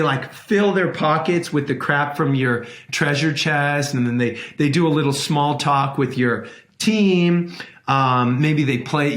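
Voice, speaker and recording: A man's voice: medium pitch, a bit bright. A man, a dentist who owns his practice, giving a conference lecture and telling personal stories in an earnest way with emphatic swings. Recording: echoey room.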